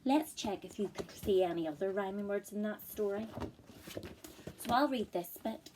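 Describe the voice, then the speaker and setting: A woman teacher reading a picture book aloud to children, expressive and encouraging, asking them to read along and spot rhymes. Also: mid-range voice, breathy edge. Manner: expressive, encouraging, asks the listener to join in. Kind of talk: read-aloud storytime lesson.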